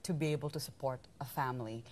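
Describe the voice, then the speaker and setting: A woman's voice: extremely low pitch, fast talker, darkish tone. A young woman from Indonesia, co-host and actress on a talk show, bubbly and chatty. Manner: bubbly, chatty, laughs often.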